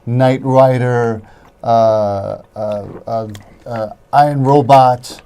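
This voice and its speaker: A man co-hosting a casual chat about movies and TV, halting and searching for words. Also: medium pitch, steady tone, mellow, smooth. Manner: halting, searches for words, chimes in with short replies.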